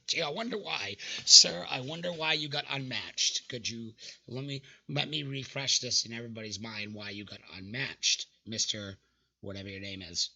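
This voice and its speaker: A man's voice: mid-range voice, fairly quick, vocal fry, sharp tone, breathy edge. A young man hosting casual reaction commentary, mocking dating app messages in an exasperated way and swearing freely. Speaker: channel host reacting to dating app screenshots.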